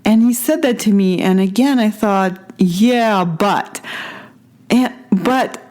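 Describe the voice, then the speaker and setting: A woman's voice: mid-range voice, takes it slowly, darkish tone. A woman in her thirties from Russia, hosting a solo podcast and telling a personal story in a chatty, self-correcting way. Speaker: podcast host.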